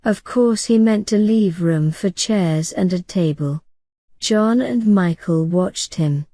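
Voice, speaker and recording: A woman narrating a bedtime storybook in a calm, gentle reading voice. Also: on the low side, slow pace, no room sound. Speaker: audiobook narrator.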